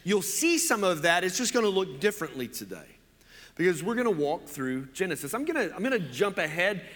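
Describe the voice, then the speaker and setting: A man from Oklahoma preaching a sermon, chatty and joking with plenty of fillers. His voice sits a touch high and rings bright and forceful. A long church-hall reverb follows every phrase. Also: big pitch swings, a little fast. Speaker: pastor.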